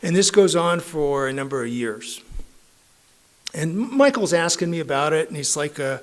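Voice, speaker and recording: Middle-aged man, slightly high voice, recovery meeting share, chatty storytelling, self-deprecating, keeps adding "right?". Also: animated, normal speed. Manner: conversational, self-mocking, frequent tag questions. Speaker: AA meeting speaker. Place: recovery club meeting room.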